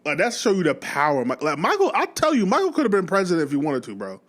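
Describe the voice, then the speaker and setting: A man reacting to a video in loose, rambling casual chat, breaking into laughter and restarting his sentences. His voice sits a little high and swings lively in pitch as he gets worked up. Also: quick pace.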